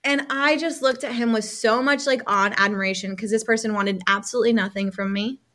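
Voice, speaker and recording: A woman, a healing coach, telling a personal story as a podcast guest, lively, acting out other people's lines and using many casual fillers. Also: fairly high pitch, a little fast.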